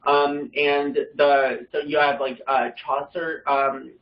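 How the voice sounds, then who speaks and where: A man's voice: on the high side, level tone. Distant man teaching a class. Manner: conversational, halting explanation. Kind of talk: classroom lecture. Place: classroom with online listeners. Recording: distant, muffled room recording.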